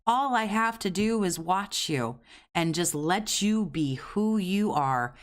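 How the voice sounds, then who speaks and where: A man's voice: high-pitched, animated, slow pace. A man hosting a reaction commentary, sarcastic and profane as he mocks a streamer. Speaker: commentary host.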